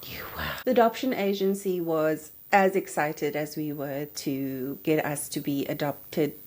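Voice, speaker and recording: Pitched slightly below the typical female range, this thirtysomething woman's voice moves a little slowly as she hosts her podcast. She recounts something personal with lively, emotional energy.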